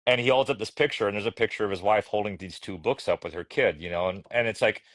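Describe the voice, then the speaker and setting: A middle-aged man tells stories in a relaxed chat as a podcast guest. His voice sits fairly low and the recording is dry and close. He laughs often and restarts his sentences as he goes. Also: fast talker, no room sound. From United States. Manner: chatty, laughing, many restarts. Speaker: guest, children's book illustrator. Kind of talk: casual storytelling conversation.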